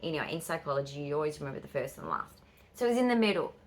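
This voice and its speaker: Excitable Australian woman in her fifties. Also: low-pitched. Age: 50s. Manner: excitable storytelling, quick asides. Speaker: vlogger. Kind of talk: casual chat.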